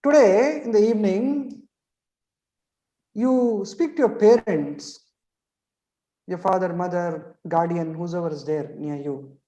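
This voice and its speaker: Mellow-voiced trainer in an echoey room. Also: male voice, high voice, slow pace, long pauses. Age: middle-aged. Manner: rhetorical questions, frequent "right?" check-ins. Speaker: motivational trainer. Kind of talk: webinar lecture.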